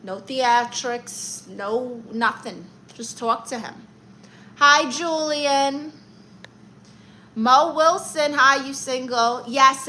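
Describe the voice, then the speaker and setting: Reading comments aloud on her stream, a woman from Brooklyn plays a cheeky aunt character who ribs viewers and calls them darling and honey. Her voice runs on the high side and sounds sharp. There's slight background noise in this rough recording.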